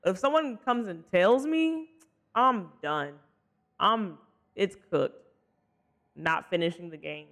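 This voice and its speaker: A game streamer casually chatting with live viewers while playing, expressive and apologetic, swinging between loud exclamations and soft mutters. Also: medium pitch, slow pace, long pauses. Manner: chatty and sympathetic, reacting to chat with frequent apologies.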